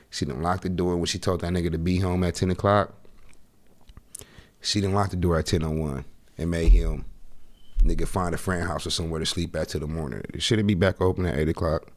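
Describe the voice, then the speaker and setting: A man's voice: low voice, steady tone, brisk, long pauses. A man hosting a podcast, giving blunt, profane, joking commentary as he reacts to a video.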